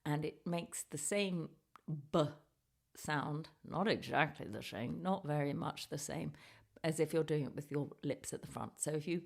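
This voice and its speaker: A woman's voice: low voice, measured pace, gravelly, a little mellow. A woman in her fifties hosting a podcast as a ventriloquist, chatty and self-deprecating in casual comedic talk. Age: 50s.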